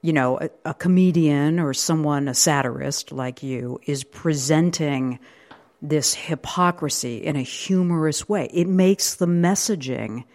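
A woman's voice: low voice, measured pace, darkish tone. A woman hosting a radio book show, asking thoughtful, curious questions. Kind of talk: radio interview.

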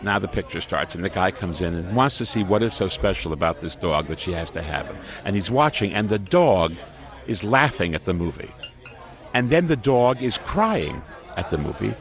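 A man tells a joke in an animated, storytelling way. His pitch swings widely as he voices the people in the story. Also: normal speed, a faint crowd. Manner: animated, quoting characters with lively shifts. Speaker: podcast host telling a joke.

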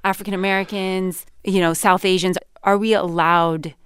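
Clear-voiced Californian woman host. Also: medium pitch, flat delivery, normal speed, no echo. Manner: curious, probing, dry humor. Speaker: radio co-host. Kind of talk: conversational interviewing.

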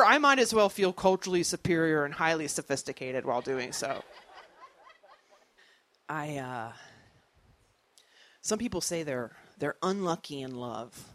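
A stand-up comedian in their thirties telling jokes in an animated way and acting out other people's voices. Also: medium pitch, a little hiss or hum.

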